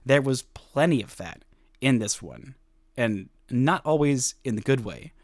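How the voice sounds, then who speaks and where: Male sports podcast host, casual and animated, self-mocking with frequent laughs, mid-pitched, close dry mic. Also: measured pace, no echo.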